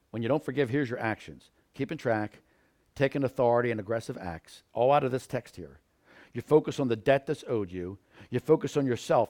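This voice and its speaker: Male preacher, mid-range voice, sermon delivery, earnest with impassioned swells. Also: mid-range voice. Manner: swings from quiet earnest teaching to loud pleading.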